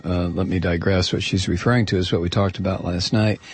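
A man's voice: low-pitched, steady tone, fairly quick, slightly rough. A man hosting a talk show, reading a listener's letter aloud in an emphatic, sarcastic way. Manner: emphatic, sarcastic, stretches key words.

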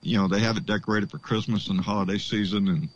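A man hosting a casual call-in show, excitable and folksy, swearing freely and calling people "baby". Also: on the low side, fast, dull audio. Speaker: podcast host.

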